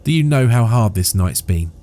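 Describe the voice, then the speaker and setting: A man's voice: lowish voice, lively intonation, moderate pace, warm tone, soft background music, voice pushed up, natural voice. A man voicing a frightened, frantic young woman who pleads in panic. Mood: furious.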